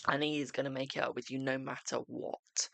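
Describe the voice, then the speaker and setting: Gravelly bright-voiced man reading tarot. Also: medium pitch, level tone, fairly quick, no room sound. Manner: reassuring, repetitive, keeps saying "okay" and "my darling". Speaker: tarot reader and live stream host. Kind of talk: live-streamed tarot reading.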